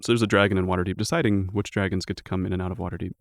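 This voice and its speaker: A man narrating a tabletop game as game master, relaxed and loose, with plenty of fillers along the way. His voice sits low with a gravelly fry, and the recording is dry and close. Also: rapid-fire, dry recording.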